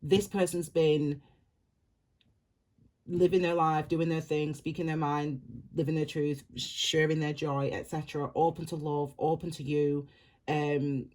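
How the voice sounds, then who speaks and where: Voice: medium pitch, little pitch movement, a little slow, darkish tone. A tarot reader giving a casual reading to the viewer, talking straight to them in a rambling way and repeating phrases over and over. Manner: reassuring, direct address to viewer.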